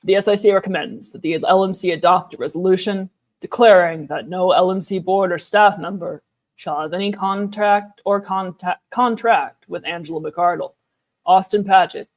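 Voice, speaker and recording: A woman co-hosting a livestream, reading a formal report aloud line by line in a steady, even manner. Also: fairly low pitch, normal speed. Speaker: co-host reading a document aloud.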